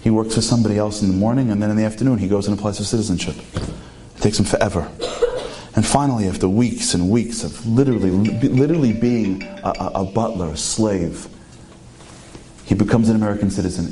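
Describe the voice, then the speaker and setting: A man with a lowish, warm voice tells an inspirational story. His delivery is animated, and his pitch jumps sharply upward for emphasis. He pulls listeners in with rhetorical questions. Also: a little hiss or hum. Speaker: inspirational speaker.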